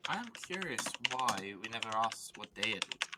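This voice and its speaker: A player talks casually in an online tabletop game, halting and restarting often. The voice moves a lot in pitch, and clear music plays behind. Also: very animated. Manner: hesitant, laughing, with restarts.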